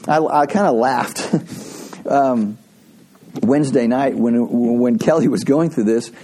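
A male pastor preaching a sermon in a relaxed, conversational way, telling stories and laughing often. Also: medium pitch, slow pace, a little hiss or hum. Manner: conversational, animated storytelling with frequent laughs.

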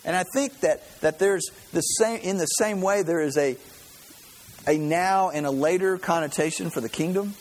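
A man's voice: high-pitched, moderate pace, rough recording. A man preaching a sermon, earnest and conversational, often repeating words as he builds a point. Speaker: pastor.

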